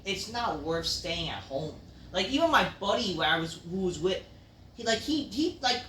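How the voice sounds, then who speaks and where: A man rants his way through a wrestling review, rambling and swearing. His voice has a bright, sharp edge and flares into loud outbursts. It sounds distant from the mic in an echoey room. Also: high-pitched, slight background noise. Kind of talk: casual ranting review.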